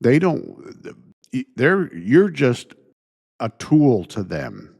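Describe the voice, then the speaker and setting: A man hosting his own show, ranting indignantly in a halting way, restarting phrases and sighing between thoughts. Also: medium pitch, wildly swooping pitch, vocal fry, a little mellow, husky. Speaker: podcast host. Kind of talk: solo opinion rant.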